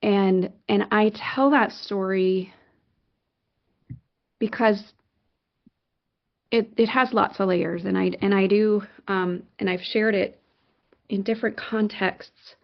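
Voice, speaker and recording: A middle-aged woman, a podcast guest, telling a personal story in an animated, excitable way with many fillers and restarts. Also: mid-range voice, slow, gravelly, long pauses, dull audio. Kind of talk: conversational storytelling.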